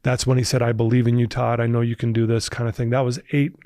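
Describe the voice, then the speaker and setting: A man's voice: medium pitch, flat delivery, fast talker, warm tone, no echo, studio quality. Earnest man telling his recovery story. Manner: earnest, emotional personal storytelling. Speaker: podcast guest, recovery speaker. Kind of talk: storytelling in a podcast interview.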